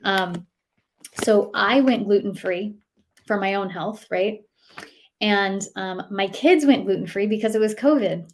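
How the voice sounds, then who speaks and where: A woman's voice: mid-range voice, measured pace, slight background noise. A woman in her thirties, a nutritionist guest, chatting casually and telling stories with many fillers and acted-out quotes. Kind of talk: casual interview chat.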